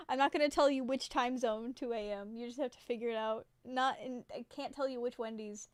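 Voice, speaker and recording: A young woman chats loosely with her live viewers, drifting from one thought to the next, filling gaps with "like" and frequent giggles. Her voice sits fairly high and comes across smooth and clear. The sound is dry and close. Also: normal speed, dry recording. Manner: rambling and giggly, many fillers like "like". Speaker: livestreamer. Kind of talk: casual chat with live viewers.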